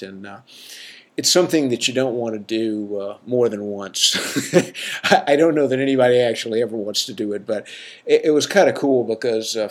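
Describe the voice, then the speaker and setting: Rambling, frank male clinician. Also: on the low side. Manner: rambling, with many fillers and self-corrections; frank and jokey. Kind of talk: casual podcast talk.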